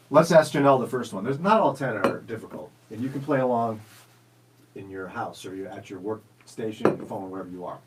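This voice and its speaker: An American man co-hosting a radio show, running a casual quiz. He teases his co-host playfully, and his pitch swings widely. There is a faint hiss behind him. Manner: teasing, playful.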